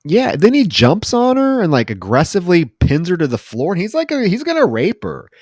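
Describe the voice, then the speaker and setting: A man's voice: sits high, huge pitch swings, brisk, darkish tone, no room sound. Casual man retelling a movie scene. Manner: retells scenes acting out lines, filler-heavy. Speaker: podcast co-host. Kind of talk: casual movie recap chat.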